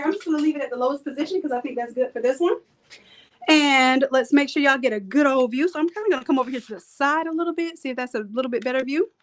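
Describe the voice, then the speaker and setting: High-voiced woman instructor, joking chatty teacher for a live demo class. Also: low-quality recording. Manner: playful, chatty, joking with viewers. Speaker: design and printing instructor.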